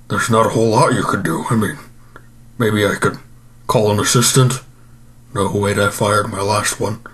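A man's voice: fairly low pitch, close to an everyday voice. A man playing an overstuffed, self-pitying male supervillain in an improvised comedy monologue, groaning and rambling about his regrets.

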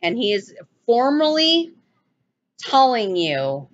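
A woman with a lowish voice teaches scripture in a loose, animated way, doubling back on her words and breaking into sudden exclamations. The sound is dull and lo-fi, like a home recording. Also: measured pace, slight background noise. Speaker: bible teacher. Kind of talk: casual bible teaching video.

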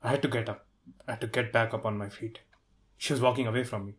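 A young man acting a shaken man in a student stage drama, telling his story in a tense, halting way. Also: mid-range voice, fairly even intonation, fairly bright tone, lightly acted. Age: young adult. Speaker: a young man.

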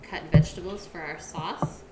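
A woman's voice: deep voice, steady tone, normal speed, a crowd in the background. A woman from Canada cooking on a live stream in her home kitchen, chatting with viewers and answering their chat as she works. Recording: echoey kitchen with loud clatter. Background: clattering pots, pans and dishes.

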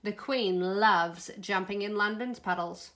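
A woman reading a children's storybook aloud in an expressive, playful way. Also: mid-range voice, unhurried. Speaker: storybook reader.

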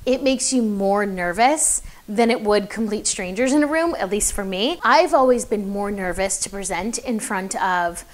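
Speaking at a normal pace with few pauses, a young woman in a casual to-camera video gives public speaking tips, chatty and encouraging, her talk full of fillers. Her voice sits in the mid range.

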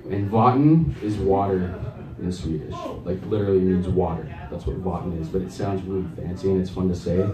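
Low-voiced male comic, rambling and self-deprecating, heard from a distance in an echoey club. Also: mellow. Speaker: stand-up comedian. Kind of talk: open mic stand-up set. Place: small comedy club stage. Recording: echoey club, mic far off.

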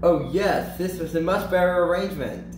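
A man reading a children's storybook aloud in an animated way, slowing down and lifting his voice for emphasis. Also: roomy sound, noisy background. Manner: animated, slows and lifts pitch for emphasis and character lines. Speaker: storybook reader.

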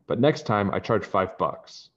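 A man's voice: lowish voice, very animated, unhurried. Man doing a cocky bragging boy. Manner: brash, taunting. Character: cocky boastful boy snowboarder. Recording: dull lo-fi recording.

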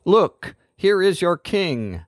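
A man's voice: sits high, big pitch swings, takes it slowly, dry recording, clean studio sound, voice pushed up, full character voice. A man voicing stern Roman governor Pilate. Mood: presenting.

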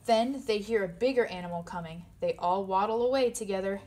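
A woman reads a children's picture book aloud in a steady, mid-range voice. She turns playful on the animal sounds, jumping up high for the squeaks and yips. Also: brisk. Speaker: storybook reader.

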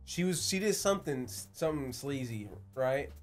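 A man's voice: mid-range voice, animated, normal speed, faint music behind. A young man hosting a casual guessing game with his siblings, joking and swearing as he reads things out. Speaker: youtuber host.

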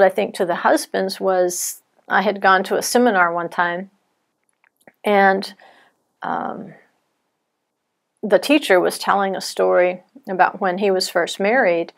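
A middle-aged woman giving an earnest, measured teaching talk to wives, telling stories to make her points. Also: medium pitch, gravelly. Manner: earnest, measured, softens for quoted fears. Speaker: Bible teacher.

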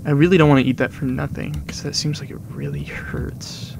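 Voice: medium pitch, fairly even intonation, fairly quick, vocal fry, background noise. A gaming video creator giving rambling, casual commentary over gameplay, with muttered asides that drop to whispers.

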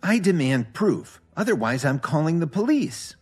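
A man voicing a blustering male swindler who protests loudly and demands proof. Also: on the high side, sing-song, moderate pace, slightly rough, faint music behind, pitched above the performer's own voice. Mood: shouting. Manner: indignant, loud.

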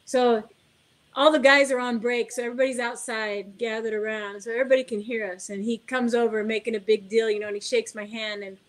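Woman, middle-aged, slightly high voice, chatty storyteller, acts out quotes, laughs along. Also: fairly quick. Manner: animated anecdote telling, acts out dialogue, laughs often. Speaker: guest car builder. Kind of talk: casual interview storytelling.

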